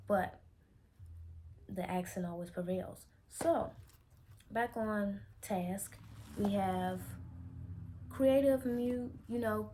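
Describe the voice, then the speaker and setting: A woman's voice: lowish voice, a little mellow, a little hiss or hum. A young woman from Chicago with a Chicago accent, rambling candidly in an unscripted vlog recorded on her phone. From Chicago, Illinois. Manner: rambling, self-correcting, candid. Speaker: vlogger. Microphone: phone camera.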